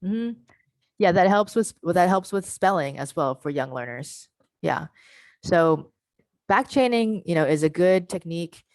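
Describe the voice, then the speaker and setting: A woman presenting an online teacher-training workshop over a video call. She explains step by step, sounds words out slowly and checks in with "right?". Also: lowish voice, lively intonation, a little mellow, no room sound. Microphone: computer mic on a video call.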